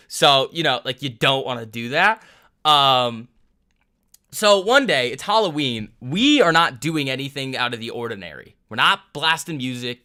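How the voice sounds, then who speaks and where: A young man, casually telling a rambling story on a livestream, often breaking off and laughing. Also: mid-range voice. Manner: rambling, animated storytelling with laughs and self-interruptions. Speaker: livestream trading host.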